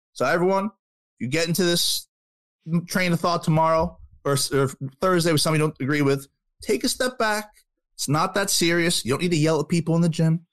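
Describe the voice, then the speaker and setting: A man in his early thirties co-hosting a talk radio show, telling a story in a quick, animated way that builds up steam. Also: on the high side, no echo. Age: 30s. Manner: animated, quick storyteller who gets worked up.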